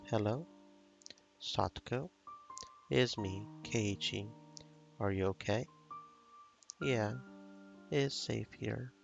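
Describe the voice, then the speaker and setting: A man's voice: lowish voice, slow, creaky, long pauses, highs cut off, soft background music. A man voicing an eager, determined teenage boy, urgent and reassuring.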